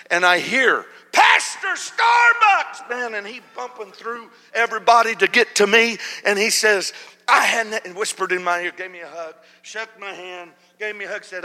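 A man preaching a storytelling sermon, dropping to a hush and then rising loud and animated. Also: sits high, moderate pace. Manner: animated, swings from hushed to loud. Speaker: pastor. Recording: long hall reverb.

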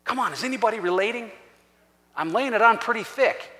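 High, lively-voiced preaching man. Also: a little fast. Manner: animated, acts out scripture voices. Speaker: pastor. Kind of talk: sermon. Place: church sanctuary. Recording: long church-hall reverb.

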